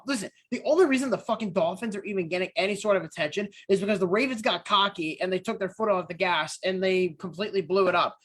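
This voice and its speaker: A man's voice: high-pitched, fast talker, hardly any pauses, fairly bright tone. A man co-hosting a casual sports podcast, talking bluntly and swearing freely. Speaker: podcast co-host.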